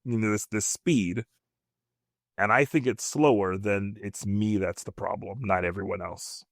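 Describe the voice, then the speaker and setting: A man with a fairly low voice talks on a podcast, quick and self-reflective. He restarts thoughts and leans on fillers. The sound is dry and close to the mic. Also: no room sound. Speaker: podcast co-host. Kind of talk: casual podcast chat. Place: podcast studio.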